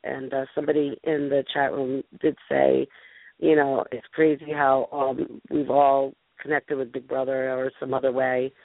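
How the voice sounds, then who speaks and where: A woman's voice: extremely low pitch, little pitch movement, normal speed, gravelly, no room sound. Woman host, gushy chatty delivery, stumbles and restarts, thin phone-line sound, dry. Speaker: show host. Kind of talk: casual live call-in show chat.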